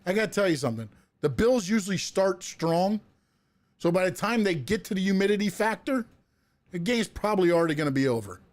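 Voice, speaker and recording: High-voiced man rambling about sports. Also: very animated, fairly quick, a little mellow. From South Florida. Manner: rambling, many restarts and fillers. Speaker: podcast co-host. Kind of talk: casual sports talk.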